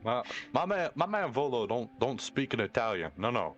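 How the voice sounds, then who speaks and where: A man playing a tabletop game, joking around and quick to act out little bits. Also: mid-range voice, very animated, muffled recording. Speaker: player.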